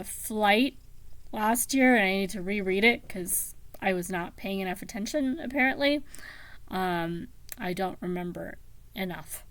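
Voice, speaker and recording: A woman talking casually about books, slow and meandering with many pauses and ums. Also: mid-range voice, dry recording. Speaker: book vlogger. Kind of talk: casual book chat.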